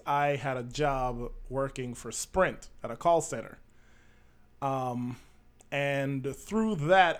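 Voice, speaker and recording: A man's voice: fairly high pitch, a bit bright. A man in his thirties from Jamaica, hosting a podcast in a candid, blunt monologue with frequent fillers. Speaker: podcast host. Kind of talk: casual monologue.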